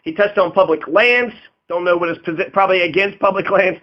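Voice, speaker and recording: A man's voice: high-pitched, brisk. A man giving casual political commentary, rambling and profane, laughing often and acting out quotes in a raised voice. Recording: dull lo-fi audio.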